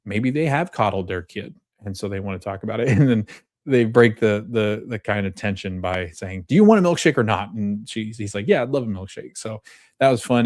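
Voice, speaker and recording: A man's voice: medium pitch, darkish tone, dry recording, studio quality. Chatty man in his thirties recapping. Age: 30s. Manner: chatty, retells scenes with quoted dialogue and laughs often. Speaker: podcast host. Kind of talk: casual episode recap.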